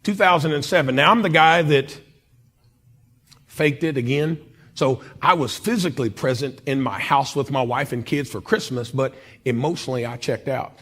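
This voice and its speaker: A man from Oklahoma telling a personal story as a guest speaker in a church chapel, with dramatic swings in loudness and pitch. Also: moderate pace. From Oklahoma, USA.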